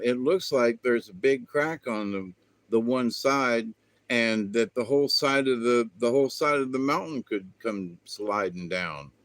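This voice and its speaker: A man's voice: mid-range voice, dry recording. A man hosting his own spiritual channel, talking in a meandering, folksy way with lots of fillers. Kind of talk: rambling spiritual monologue.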